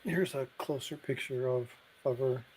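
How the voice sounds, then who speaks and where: A man's voice: medium pitch, normal speed, slight background noise. A middle-aged man on a casual live stream, telling jokes and family stories, acting out the voices as he goes. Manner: animated, acts out voices in his stories.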